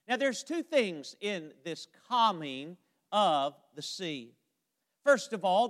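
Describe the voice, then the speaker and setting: A man's voice: high-pitched, fairly bright tone. A man preaching a sermon, quoting scripture emphatically and drawing out the ends of his phrases. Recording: long hall reverb.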